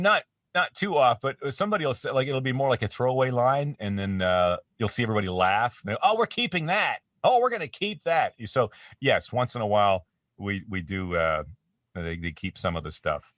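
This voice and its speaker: A Canadian voice actor chats casually as an interview guest from his home studio, rambling, self-deprecating and restarting often. His voice sits on the low side with lively intonation, a moderate pace and a fairly bright tone. The mic sounds dry and slightly distant, with no echo.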